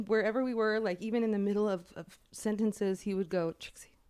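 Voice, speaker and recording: A woman in her thirties telling family stories on a podcast in a profane, animated way, quick to laugh. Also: mid-range voice, clean tone. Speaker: podcast co-host. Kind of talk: casual storytelling chat.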